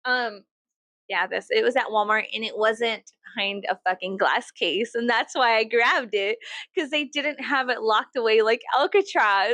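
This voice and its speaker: A woman in her thirties from the United States, vlogging at home while she gets ready, rambling and swearing, mocking herself and breaking into loud laughs. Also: fairly high pitch, moderate pace, no echo. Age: 30s. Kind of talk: casual get-ready-with-me chat.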